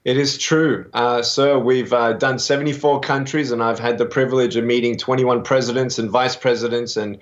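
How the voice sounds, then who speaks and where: A man's voice: mid-range voice, fairly even intonation, normal speed, few pauses. Australian man in his 30s, interview guest, earnest and upbeat, slightly dull sound. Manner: earnest, upbeat, with many fillers. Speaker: guest, motivational speaker. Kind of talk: interview answers.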